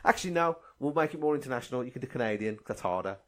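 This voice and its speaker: A man's voice: medium pitch, expressive, racing, a bit bright. Teasing English man running the game. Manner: teasing, bossy, runs the game. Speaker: podcast co-host. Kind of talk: casual chat.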